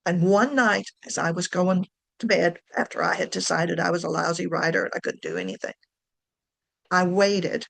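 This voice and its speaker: A woman's voice: fairly low pitch, expressive, normal speed, creaky. A woman giving a casual talk on writing to camera, chatty, correcting herself and laughing often. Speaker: writing coach.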